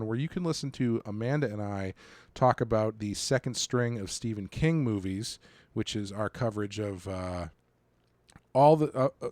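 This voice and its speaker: A man's voice: mid-range voice, no room sound. Man co-hosting a casual movie podcast. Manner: rambling, many fillers and restarts. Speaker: podcast co-host.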